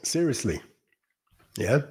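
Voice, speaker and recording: A man's voice: mid-range voice, very animated, slow, darkish tone, slightly rough. A man hosting a livestream, giving blunt, rambling commentary on news articles, often correcting himself and laughing at what he reads. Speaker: livestream host.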